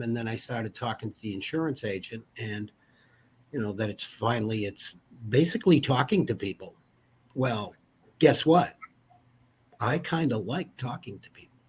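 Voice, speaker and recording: A man in his fifties with a husky voice, talking as a guest in a casual interview. He rambles through stories with lots of asides. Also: mid-range voice, measured pace, bright, forceful tone. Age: 50s. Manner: rambling storyteller, many asides. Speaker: insurance agent and guest.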